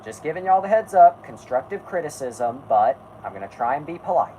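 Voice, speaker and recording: A man's voice: on the high side, big pitch swings, brisk, warm tone, slight background noise, low-quality recording. A man hosting a casual live stream who halts, rambles and restarts his sentences while he talks to his chat and co-hosts. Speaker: podcast host.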